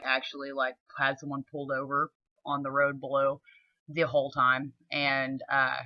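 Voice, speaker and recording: Laid-back Southern woman, bright and blunt. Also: a bass voice, no room sound, muffled recording. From southern United States. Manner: blunt, laid-back, chatty with frequent fillers. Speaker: model and vlogger. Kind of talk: casual chat to camera. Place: home, sitting on the floor indoors.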